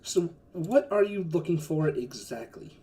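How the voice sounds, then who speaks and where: A man's voice: on the high side, expressive, measured pace, warm tone. A man voicing a bored, condescending woman herb seller in her twenties during a tabletop game. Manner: dry, sarcastic put-downs. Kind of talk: tabletop role-play in character.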